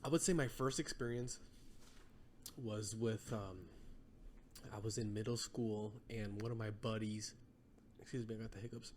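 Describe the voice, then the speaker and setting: A man with a lowish voice tells long rambling stories as a podcast guest, with plenty of "like" and "you know". He talks in a relaxed, casual way. Faint background hiss sits under the voice. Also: normal speed, pauses often. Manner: rambling storytelling with many fillers. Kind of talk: casual chat.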